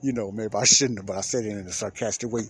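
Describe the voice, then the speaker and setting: A low-voiced, middle-aged podcast host, spinning a long, looping anecdote. He circles back over his points and slips into the voices of the people he quotes. The home recording carries a clear layer of background noise. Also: steady tone, fast, a bit bright. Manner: rambling, repeats himself, acts out quoted dialogue. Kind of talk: casual storytelling monologue.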